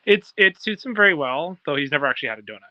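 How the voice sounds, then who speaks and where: A man's voice: on the high side, lively intonation, racing, no room sound. A man with a Canadian accent, friendly and chatty, talking as a guest on a video call. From Ontario, Canada. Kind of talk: casual video call chat. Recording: dull lo-fi video call audio.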